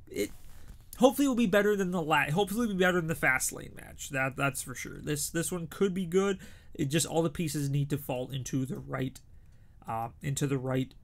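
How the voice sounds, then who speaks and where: A man's voice: fairly high pitch, vocal fry, fairly bright tone. A young man giving casual, opinionated predictions as a show host, chatty with frequent restarts.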